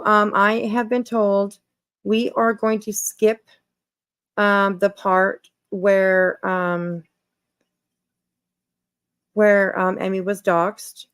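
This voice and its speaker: A woman's voice: mid-range voice, dry recording. A woman hosting a livestream, greeting viewers in casual chat and repeating herself with many fillers. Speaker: livestream host.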